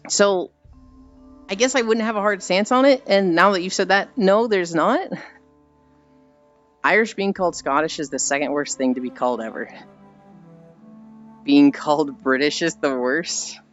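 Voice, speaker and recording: High-pitched and a bit bright, this American man talks at a moderate pace and pauses often. Chatting casually on his live stream, he rambles, reads chat aloud, and laughs at his own stories, over dull lo-fi audio with faint background music.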